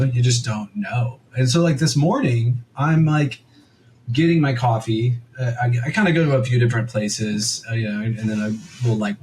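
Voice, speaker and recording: A man's voice: on the low side, a little hiss or hum, poor audio. A young man co-hosting a podcast, telling a story in a rambling, casual way full of "like" and quoted asides. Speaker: podcast co-host.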